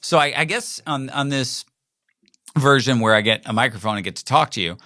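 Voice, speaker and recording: A man's voice: medium pitch, expressive, fairly quick, sharp tone, no echo, studio quality. A middle-aged man hosting a podcast alone, talking casually in a rambling way and acting out quoted voices. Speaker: podcast host. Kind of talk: casual solo monologue.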